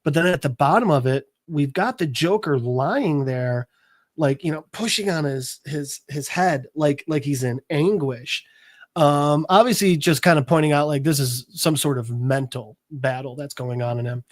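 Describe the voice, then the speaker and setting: Guy rambling through a comic book recap, lots of ums, kinda high voice. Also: moderate pace, no room sound, clean studio sound. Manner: rambling, filler-heavy storytelling. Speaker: podcast host.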